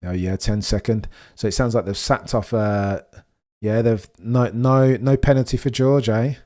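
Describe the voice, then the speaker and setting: A young man hosting a live race watch-along stream, chatting with viewers and reacting excitedly as the race unfolds. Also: lowish voice, a little slow. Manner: excitable, chatty, reads chat messages, swings from muttering to excited shouting.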